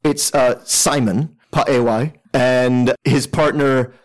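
A man's voice: mid-range voice, steady tone, takes it slowly, rough recording. A man narrating a tabletop role-playing game as game master, with many fillers and restarts.

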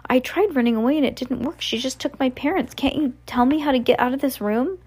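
A woman's voice: high voice, brisk, a little mellow, breathy edge, voice pushed up. A woman voicing a brave, earnest young girl, Coraline. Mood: determined. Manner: earnest, insistent questioning. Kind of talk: audiobook reading.

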